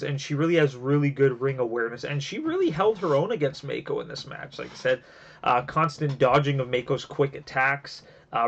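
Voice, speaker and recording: Man reviewing wrestling on a lo-fi mic. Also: mid-range voice. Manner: rambling with many fillers and restarts; gets emotional and teary. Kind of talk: casual review podcast. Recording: dull lo-fi home recording.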